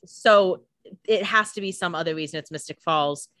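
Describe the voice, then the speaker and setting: Low, bright-voiced woman chatting casually. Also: normal speed, no room sound. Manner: chatty, fillers of "like", swears casually. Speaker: podcast co-host recapping a TV episode. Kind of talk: casual chat.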